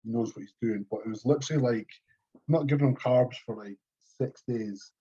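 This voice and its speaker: A Scottish man co-hosting a podcast, talking about bodybuilding in animated, sweary casual chat. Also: mid-range voice, a little fast, breathy edge, dull audio. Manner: animated, sweary gym talk. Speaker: podcast co-host.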